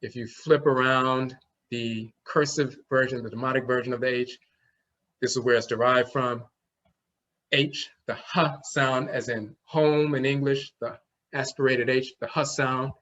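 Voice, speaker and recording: A man's voice: medium pitch, steady tone, measured pace, fairly bright tone. A man giving a classroom lecture on an old script, explaining each sign and sounding out its letter. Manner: explanatory, demonstrates sounds aloud. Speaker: language teacher. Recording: dull lo-fi recording.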